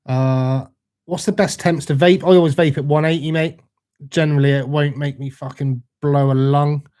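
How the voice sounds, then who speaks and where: With a darkish tone at an ordinary male pitch, a young British host reads out live comments on his stream. He stays laid-back, trading jokes with chat and swearing easily.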